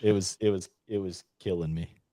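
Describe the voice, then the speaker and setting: A man's voice: low-pitched, steady tone, moderate pace, warm tone, no echo. Easygoing male host, dry sound. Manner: laughing, easygoing. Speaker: podcast host. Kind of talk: casual podcast chat.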